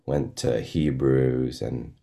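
Deep slow preacher guy, meditative, mellow tone. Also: fairly even intonation. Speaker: pastor. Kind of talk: sermon.

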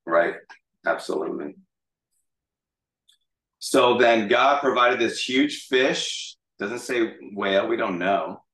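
A man with a somewhat low voice leads a Bible study group in a chatty, joking way. He is recorded from across an echoey room. The mic sits well away from him. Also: slow, long pauses, far from the mic. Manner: chatty, jokey, animated retelling. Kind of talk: casual Bible teaching.

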